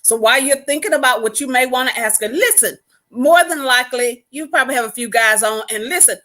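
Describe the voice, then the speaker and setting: A woman's voice: high-pitched, brisk, bright, forceful tone. Encouraging woman hosting a church stream. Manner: encouraging, addresses viewers directly. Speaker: host.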